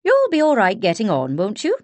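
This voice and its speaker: A woman's voice: medium pitch, wildly swooping pitch, a little mellow, dry recording. A woman voicing a brusque Scottish woman doctor with an Edinburgh accent, blunt and pointed. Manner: blunt, brisk, slow and pointed.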